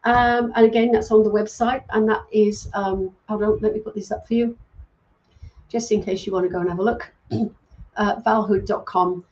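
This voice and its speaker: A middle-aged British woman, born in England and raised in Wales, hosts a casual livestream as a psychic medium, reading viewer comments aloud. Her medium-pitched voice stays fairly even at a moderate pace, and she's chatty, thanking people warmly with frequent ums. The audio sounds dull.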